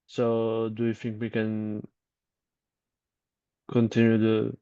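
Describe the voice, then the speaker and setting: A man training in sales who speaks haltingly, with many fillers. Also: on the low side, monotone, mellow, clear, resonant tone, lo-fi sound. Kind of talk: hesitant practice pitch.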